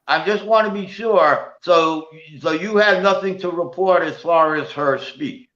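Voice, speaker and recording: A man's voice: a little high, unhurried, a bit bright. A man co-hosting a local political talk show, needling his partner with sarcastic questions. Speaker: co-host. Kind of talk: casual political chat show. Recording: echoey, slightly dull studio sound.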